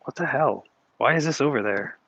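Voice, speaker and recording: A man's voice: mid-range voice, expressive, moderate pace, a bit bright, muffled recording, a little hiss or hum. A man streaming from his flea market stall, chatting casually in a rambling way, with many fillers and self-corrections. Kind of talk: casual live-stream chat.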